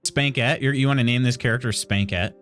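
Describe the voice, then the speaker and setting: A man's voice: mid-range voice, fairly quick, fairly bright tone. A man streaming a game live, reading tutorial text aloud and adding playful, wry asides to chat.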